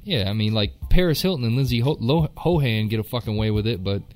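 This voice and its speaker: A man co-hosting a loose, profane hip hop podcast. He talks fast and bluntly, piling on emphasis and swear words, with faint music playing behind. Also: medium pitch, animated, a little mellow. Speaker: podcast co-host.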